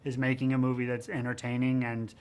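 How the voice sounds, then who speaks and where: This male director talks in loose, looping sentences full of fillers, his voice middling in pitch. Telling set stories, he grows animated and louder. He is giving a promotional interview. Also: fairly quick, clear, resonant tone. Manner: rambling, frequent "you know what I mean" and "um". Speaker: film director.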